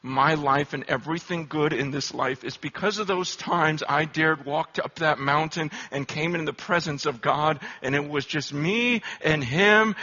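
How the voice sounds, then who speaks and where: Impassioned male preacher, bright high voice. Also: unhurried, hardly any pauses. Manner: swings from hushed, low storytelling to loud, impassioned preaching. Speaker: pastor. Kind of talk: sermon. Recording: dull lo-fi recording.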